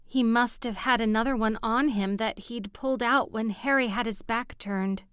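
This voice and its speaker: Smooth-voiced woman narrating an audiobook. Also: fairly high pitch, fairly even intonation, moderate pace, a bit bright, dry recording, clean studio sound. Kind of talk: scripted narration.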